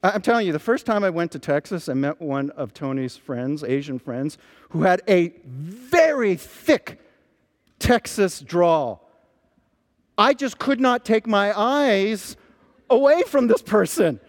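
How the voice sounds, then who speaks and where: A man preaching a sermon, telling stories with lively emphasis as a pastor. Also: high voice, unhurried, in a large hall. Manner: animated storytelling preacher.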